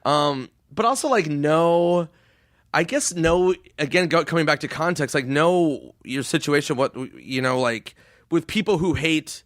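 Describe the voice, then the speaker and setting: A man chatting as a comedy guest on a podcast, telling stories with lots of swearing, fillers and animated bursts. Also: on the high side, a little slow, no room sound, studio quality. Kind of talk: casual podcast chat.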